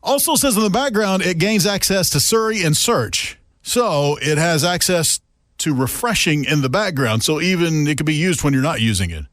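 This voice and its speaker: A man's voice: fairly high pitch, moderate pace, no echo. A man hosting a podcast in casual, joking chat with a friend, recorded in a radio station studio. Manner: chatty, animated, joking. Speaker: podcast host.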